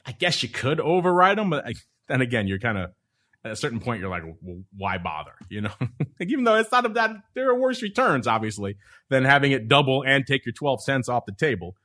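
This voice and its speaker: A man's voice: medium pitch, very animated, fast talker, fairly bright tone. A man hosts a podcast in easy, casual chat. He teases his co-hosts with a playful edge. His voice sits in the middle range. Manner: playful, teasing. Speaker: podcast host.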